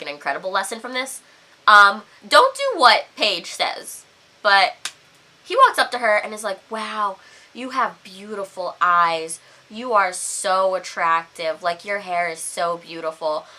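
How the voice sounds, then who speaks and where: A young woman vlogger telling a storytime rant, animated and profane, with lots of "like". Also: mid-range voice.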